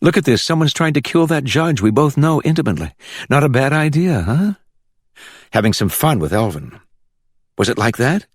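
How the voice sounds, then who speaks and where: A man's voice: mid-range voice, sing-song, normal speed, slightly rough, no echo, studio quality, pitched above the performer's own voice. A man voicing a tough woman officer who presses a suspect with coaxing questions, in a storybook reading. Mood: pressing. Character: probing, streetwise woman officer.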